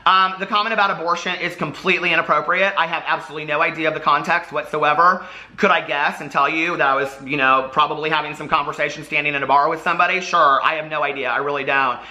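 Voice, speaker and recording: A man in a vlog who explains himself in a halting, earnest way, with many fillers. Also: fairly high pitch, pushed and bright. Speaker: vlogger explaining old posts. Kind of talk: apology video monologue.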